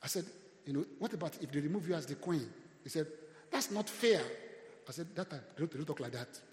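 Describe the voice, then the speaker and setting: A man with a Nigerian accent preaching a sermon as a pastor, with call-and-response and loud rising swells. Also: a little high, fast, roomy sound, big-room sound.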